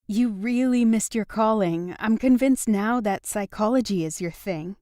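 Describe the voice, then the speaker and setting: A woman's voice: medium pitch, measured pace, dark tone, no echo, clean studio sound, natural voice. A woman voicing an upset young woman who is defensive and sarcastic in an audiobook. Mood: bitter. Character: upset young woman, guarded and sharp-tongued. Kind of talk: audiobook dialogue reading.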